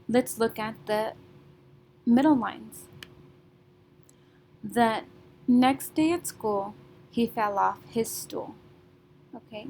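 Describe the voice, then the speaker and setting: A woman teaching a class remotely, patient and methodical, often checking in with "okay?" and clearing her throat now and then. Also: on the high side, darkish tone, a little hiss or hum, poor audio.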